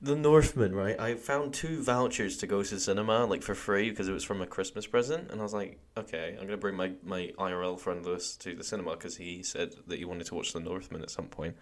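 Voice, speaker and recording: A man's voice: low-pitched, steady tone, fast talker, few pauses. A young man co-hosting a podcast, talking in a laid-back casual way, swearing and gushing. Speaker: podcast co-host. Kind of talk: casual chat.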